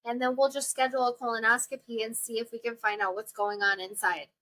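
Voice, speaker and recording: A woman's voice: a little high, flat delivery, quick pace, sharp tone. A young woman, hosting a podcast and telling a personal story in a chatty, exclaiming way full of fillers. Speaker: podcast host. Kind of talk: casual storytelling to listeners.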